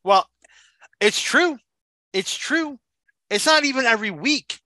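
A man's voice: very high voice, animated, a little slow, pushed and bright, no room sound, clean studio sound. A man co-hosting a wrestling podcast, brash, boastful and sarcastic in his banter. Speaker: podcast co-host. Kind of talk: casual wrestling podcast chat.

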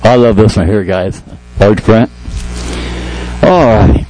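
A man's voice: lowish voice, slow, faint music behind, poor audio. A man preaching to a congregation, acting out a comic skit and chatting with people in the room. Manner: animated, jokey, talks to congregation. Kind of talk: sermon with acted skit.

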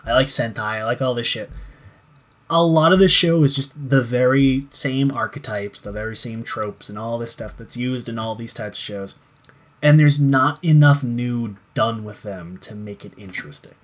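A man's voice: medium pitch, normal speed. Rambling, swearing young man. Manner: rambling, restarts, swears, laughs often. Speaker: podcast co-host. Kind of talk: casual profane chat reviewing a show.

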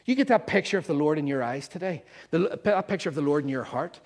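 A man preaching a sermon in a slightly high voice. He is emphatic and playful, leaning hard on key words and explaining their meanings with a joking edge. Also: animated, quick pace, darkish tone.

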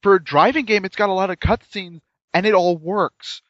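A man's voice: high voice, normal speed, a bit bright, no echo. A man chatting casually and enthusiastically about a game, rambling with frequent restarts, on dull lo-fi audio. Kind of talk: casual chat reviewing a game.

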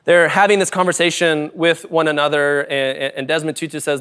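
Pastor with a slightly high voice. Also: male voice, level tone, normal speed, smooth. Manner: conversational, swings from loud and emphatic to soft and quiet. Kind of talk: sermon. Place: church service before a congregation.

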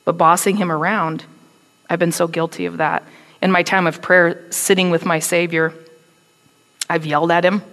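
A woman giving a conversational, animated sermon, acting out quotes with attitude. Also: on the low side, normal speed, pauses often, big-room sound. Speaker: preacher.

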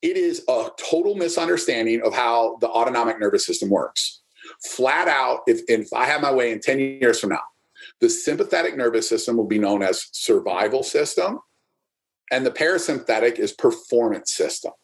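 A man's voice: medium pitch, expressive, moderate pace. Man, fitness coach, emphatic, podcast interview, tag questions. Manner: emphatic, often asks "right?".

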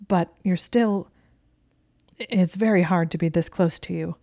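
A man's voice: on the high side, steady tone, moderate pace, mellow, no room sound, clean studio sound, close to an everyday voice. A woman voicing a shy, earnest young male wizard who stammers awkwardly.

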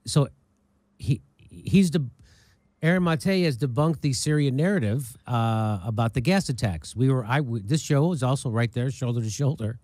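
A man's voice: medium pitch, warm tone, dry recording. A male podcast host delivering commentary in a rambling, emphatic way, often stopping mid-phrase. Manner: rambling, emphatic, self-interrupting.

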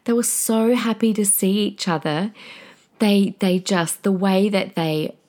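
A woman's voice: mid-range voice, unhurried, a little mellow. A woman in her forties hosting a podcast, talking casually and emotionally about her marriage and tearing up easily. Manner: chatty and emotional, tears up easily. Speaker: podcast host. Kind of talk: casual solo podcast talk.

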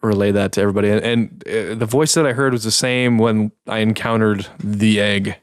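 A man with a slightly low voice who jokes frankly with his friends during a tabletop game. He sounds dry and close. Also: steady tone, a little fast, clean tone, no room sound. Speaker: player.

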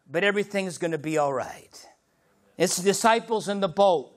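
High, lively voiced male preacher. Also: moderate pace. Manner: animated preaching that swings from loud to hushed. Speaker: pastor. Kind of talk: sermon.

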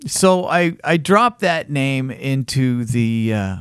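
A man's voice: medium pitch, slow, smooth, no room sound, clean studio sound. A middle-aged man on a podcast telling a long personal story in casual chat, acting out the voices of the people in it. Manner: animated, acts out voices in his story.

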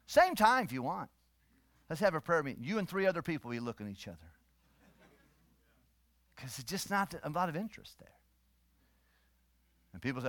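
A man in middle age preaches with fervor, dropping low and quiet, then rising loud and emphatic. His voice sits a little high for a man. The sound is dry and close, with no room around it. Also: big pitch swings, a little fast, long pauses, no room sound. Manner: emphatic preaching, swings between soft and loud. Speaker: pastor. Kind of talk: sermon.

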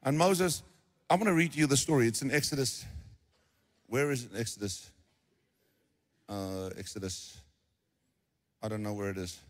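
A man's voice: mid-range voice, moderate pace, long pauses, long reverb tail. A middle-aged man preaching a sermon, acting out the voices of biblical figures as he tells the story. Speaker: pastor.

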